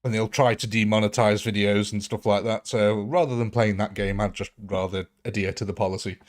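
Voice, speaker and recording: A man with a fairly low voice chats on a live gaming stream. He talks casually and laughs often as he answers his viewers' comments. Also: level tone, a little fast. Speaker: gaming livestreamer.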